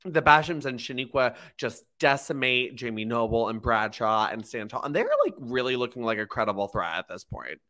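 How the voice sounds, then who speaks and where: A man's voice: a little fast, hardly any pauses, bright, forceful tone. A young man co-hosting a podcast, chatting casually about wrestling and laughing often. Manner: giggly, laughs often, quotes people in a high voice. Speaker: podcast co-host. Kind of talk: casual chat recapping wrestling.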